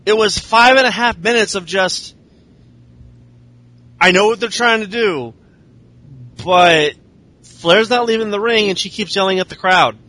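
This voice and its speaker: A man's voice: high-pitched, measured pace, pauses often, pushed and bright. A man casually recapping wrestling shows in a sardonic, profane way. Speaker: podcast host.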